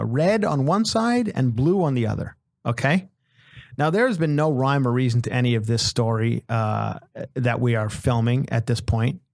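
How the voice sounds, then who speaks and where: A man at a middle pitch telling a rambling comic tale on a podcast. He is loose, profane and animated, and he puts on voices for the people in his story. His voice sounds dry and close, with no room around it. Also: no room sound. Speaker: podcast host. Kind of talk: casual storytelling.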